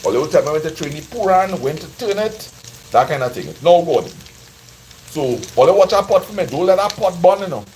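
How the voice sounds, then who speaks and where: Frying away at the stove, the live-streaming cook ribs his viewers in a Trinidadian accent. His fairly high voice moves with lively intonation and a slightly fast pace, a little mellow, with slight background noise and poor audio.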